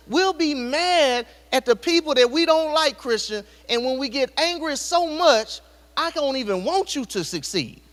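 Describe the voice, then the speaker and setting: A man preaches an animated sermon, his voice pitched very high and swinging widely up and down. He keeps speaking straight to the congregation with rhetorical questions. His voice rings out with a long reverb across a church hall. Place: church sanctuary.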